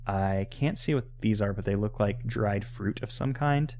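A man's voice: lowish voice, normal speed, few pauses, a little mellow. A young man casually commenting on a game he is playing into a home microphone, rambling and stumbling over restarts. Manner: rambling, with many stammered restarts. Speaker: let's player.

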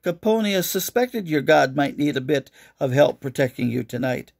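Man doing a roman officer, calm, commanding, dry, storybook, fairly high voice. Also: moderate pace, vocal fry, dry recording.

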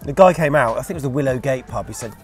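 A man's voice: mid-range voice, racing, faint music behind. A man co-hosting a fan channel, chatting casually and telling stories from an away trip. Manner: chatty storyteller, reads out quotes. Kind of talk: casual chat review.

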